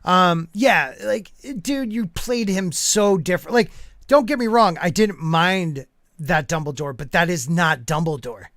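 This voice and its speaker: A man's voice: high voice, measured pace, fairly bright tone, no echo, clean studio sound. A man hosting a podcast in casual chat. He talks loosely, with lots of asides and fillers. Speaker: podcast host.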